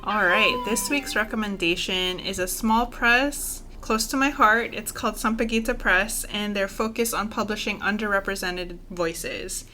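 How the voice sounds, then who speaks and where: A woman co-hosting a podcast, chatting casually with frequent soft affirmations. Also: medium pitch, measured pace, few pauses, music in the background. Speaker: podcast co-host. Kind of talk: casual chat and read recommendation.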